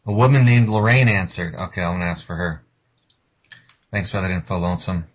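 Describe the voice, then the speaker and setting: A man hosting a radio show who makes crude, mocking prank calls in a deadpan tone. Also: low-pitched, a little fast, husky. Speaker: radio host and prank caller. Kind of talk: prank phone call and radio banter. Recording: lo-fi radio recording.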